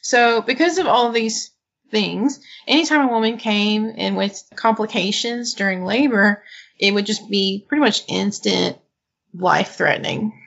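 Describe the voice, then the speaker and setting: A woman's voice: medium pitch, a little slow, creaky, a bit bright, dull audio. A woman co-hosting a podcast in casual chat, laughing often and reading from an article. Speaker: podcast co-host.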